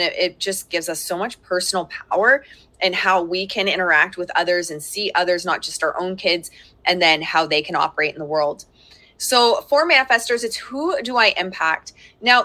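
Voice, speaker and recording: Bright-voiced woman teaching live from home. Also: mid-range voice. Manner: chatty and warm, laughing often and breaking off to address her children. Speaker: parenting coach hosting a live workshop. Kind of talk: live-streamed teaching talk. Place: at home with young children around.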